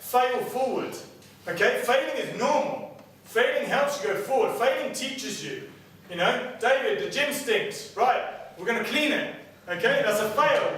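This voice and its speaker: A personal trainer speaks with a fairly high voice, keeps asking his audience "okay?" and drives his points home with energy. He is picked up from across a very echoey room, with a faint hiss underneath. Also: a bit bright. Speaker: personal trainer giving a seminar. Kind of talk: motivational seminar talk. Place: seminar room with clients. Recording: very echoey room, distant mic, faint noise.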